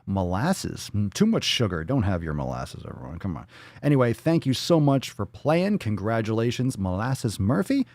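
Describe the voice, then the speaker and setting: A man's voice: lowish voice, big pitch swings, moderate pace, a little mellow, no echo. A man hosting a daily fitness livestream podcast, talking casually with hype, profanity and playful catchphrases. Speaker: podcast host.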